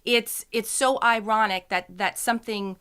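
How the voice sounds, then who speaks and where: A woman filmmaker guesting on a podcast, earnest and excitable in casual chat. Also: a little high, normal speed, smooth.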